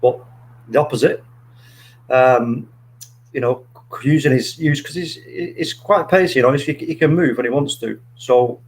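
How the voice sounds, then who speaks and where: A man's voice: mid-range voice, moderate pace. A man on an online fan call, rambling through football tactics in casual chat with matey slang. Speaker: fan podcast panelist.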